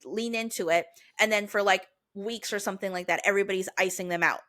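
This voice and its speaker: Bright-voiced chatty young woman. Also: medium pitch, fast. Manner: chatty, heavy use of "like", lively retelling. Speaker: podcast co-host. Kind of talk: casual book discussion.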